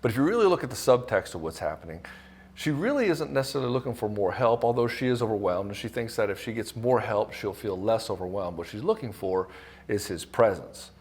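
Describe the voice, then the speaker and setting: A middle-aged man coaching married men straight to camera, blunt and casual, swearing freely and acting out the voices of the people he quotes. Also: mid-range voice. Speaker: relationship coach. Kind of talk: direct-to-camera coaching talk.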